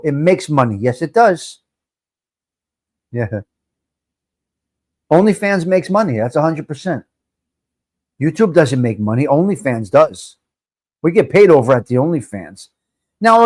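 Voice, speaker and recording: A middle-aged man hosts a live chat stream in a fairly high voice. He jokes around and talks straight to his viewers in a loose, chatty way. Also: darkish tone. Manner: joking, chatty, addresses viewers directly.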